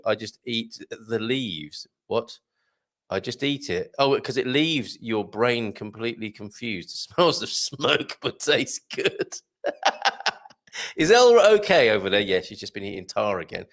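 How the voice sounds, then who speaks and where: A man's voice: mid-range voice, creaky. A light-hearted man hosting a live chat show, reading out viewer comments and laughing often. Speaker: host.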